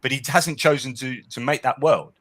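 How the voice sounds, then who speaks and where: A man's voice: medium pitch, moderate pace, fairly bright tone. A man speaking as a guest in a casual discussion, arguing animatedly and often checking in with "right?". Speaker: guest author.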